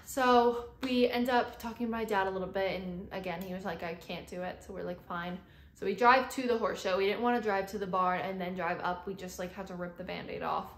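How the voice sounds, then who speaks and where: A woman's voice: medium pitch, steady tone, a little fast. A young adult woman vlogger telling a story in casual chat, with lots of "like" fillers. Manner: chatty, heavy use of "like" fillers. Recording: roomy echo.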